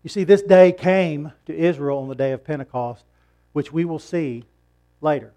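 Speaking at a moderate pace, this middle-aged male pastor preaches his Sunday sermon in an easy, conversational way. He has a slightly higher-than-average male voice, pushing it higher and louder whenever a key point needs driving home.

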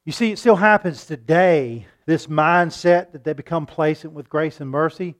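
A man preaching a sermon, asking his listeners questions and acting out loud pleas now and then. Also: fairly high pitch, moderate pace. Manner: shifts between calm teaching and loud acted-out pleading; rhetorical questions to the congregation.

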